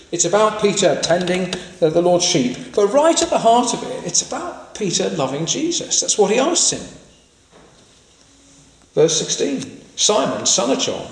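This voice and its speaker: Lively, high-pitched preacher in an echoey hall. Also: male voice, slight background noise. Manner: questioning, earnest, emphatic rises. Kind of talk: sermon. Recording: echoey hall with long reverb.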